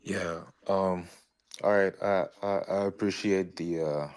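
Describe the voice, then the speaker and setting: Man, French accent, hesitant, restarts, very deep voice, slow. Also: smooth. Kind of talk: casual discussion.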